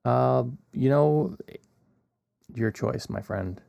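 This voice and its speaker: A man co-hosting a film podcast, talking in a relaxed, rambling way with lots of fillers. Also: mid-range voice, very slow, gravelly, no room sound. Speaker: podcast co-host. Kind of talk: casual podcast chat. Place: Hong Kong.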